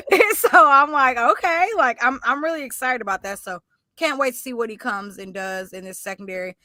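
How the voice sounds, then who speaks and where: Woman cohost rambling about football, bright voice, dry mic. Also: a little high, a little fast, no echo. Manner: chatty, animated, self-correcting. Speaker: podcast co-host. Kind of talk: casual sports chat.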